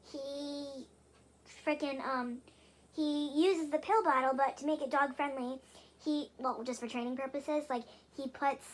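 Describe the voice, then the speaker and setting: A young woman vlogging at home, rambling and exasperated, with lots of fillers and swearing. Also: high voice. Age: young adult. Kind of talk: casual venting vlog.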